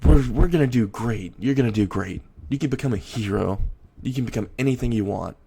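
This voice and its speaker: A man's voice: mid-range voice, a little fast, creaky, mellow, breathy edge. A man voicing a worried, caring mother with a slightly raised, pleading delivery. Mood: soothing.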